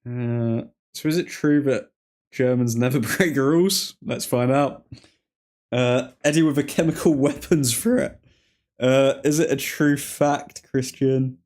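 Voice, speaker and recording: A man's voice: medium pitch, takes it slowly, darkish tone. A chatty man hosts a live football watchalong in a casual, rambling way. He laughs often, reads chat aloud and breaks off to call out the play. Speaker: streamer host.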